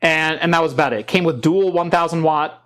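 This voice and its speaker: A man's voice: on the high side, fast, fairly bright tone. A man hosting a casual tech livestream, chatty and rambling as he reads viewer questions and answers them. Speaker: podcast host.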